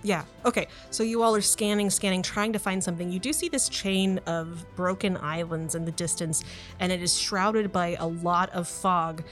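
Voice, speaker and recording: A woman narrating as game master of a tabletop game, lively and quick to laugh. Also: on the low side, faint music behind. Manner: lively, laughs often, voices characters.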